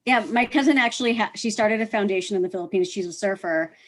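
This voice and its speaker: A woman's voice: mid-range voice, quick pace. Friendly woman podcast guest. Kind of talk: casual conversational interview.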